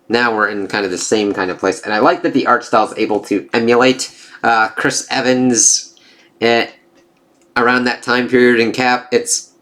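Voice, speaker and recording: A man's voice: lowish voice, fairly bright tone. A man casually reviewing a comic book, reading dialogue aloud and reacting with frequent swearing. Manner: profane, reads dialogue aloud with quick reactions.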